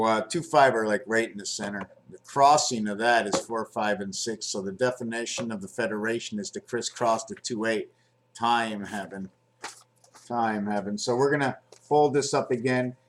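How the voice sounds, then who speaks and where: A man's voice: mid-range voice, slight background noise. A man talking in a casual, digressive monologue, hopping between numbers and ideas while handling objects on camera. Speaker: video blogger.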